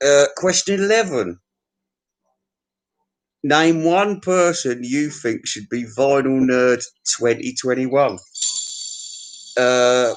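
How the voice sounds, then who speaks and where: A man's voice: mid-range voice, poor audio. A British man vlogging in a rambling, sweary and mocking way, reading out questions and ranting at other people. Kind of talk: casual rambling video chat.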